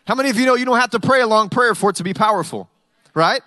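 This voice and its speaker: A man's voice: high voice, rapid-fire, sharp tone, dry recording. A male pastor preaching a sermon in a conversational way, with humorous stories.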